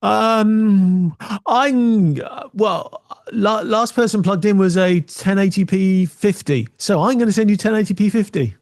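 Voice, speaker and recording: An eager little computer chats with a monitor in a squeaky, sing-song voice, as a man puts it on. Under the high pitch there is still a gravelly rasp, and the sound is close and dry with no room behind it. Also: a little slow, hardly any pauses, a little mellow, no echo. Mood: chatty. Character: chatty computer talking to a monitor, eager and polite.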